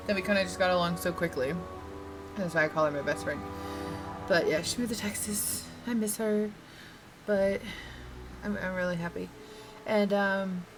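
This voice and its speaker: A woman's voice: fairly low pitch, poor audio. A woman vlogging casually while she plays a game, rambling and laughing often. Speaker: gaming vlogger. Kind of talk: casual chat while playing. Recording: faint game music behind.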